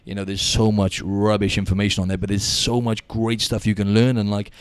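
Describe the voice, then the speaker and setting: Fast-talking chatty man on a call. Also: on the low side, clean tone, dry recording. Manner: chatty, animated storyteller, says "mate" a lot. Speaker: podcast host. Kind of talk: casual podcast chat. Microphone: Skype call.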